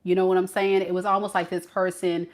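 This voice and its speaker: A woman's voice: lowish voice, flat delivery, brisk. A woman giving a casual tarot reading, chatty and playful, with slangy phrasing. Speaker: tarot reader.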